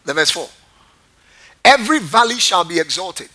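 A man's voice: high-pitched, sing-song, moderate pace, bright, forceful tone. A man preaching a sermon as pastor, quizzing his congregation and repeating phrases for emphasis. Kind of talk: sermon with call-and-response.

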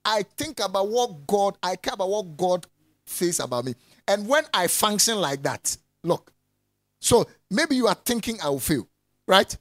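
Animated preacher man. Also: high voice, measured pace, dry recording. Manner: animated, swings between loud calls and soft asides, laughs often. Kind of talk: lively sermon.

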